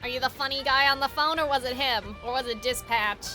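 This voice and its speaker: A woman's voice: high voice, fairly quick, pushed and bright, soft background music, pitched below the performer's own voice. A woman playing a polite young fortune teller in a game, chatty and prone to stammering. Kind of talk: roleplay dialogue.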